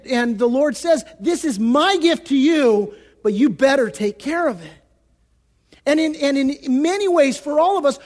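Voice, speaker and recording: Conversational pastor preaching in a reverberant hall. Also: male voice, very high-pitched. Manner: conversational, acts out quoted voices. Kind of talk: sermon. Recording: long reverb of a church hall.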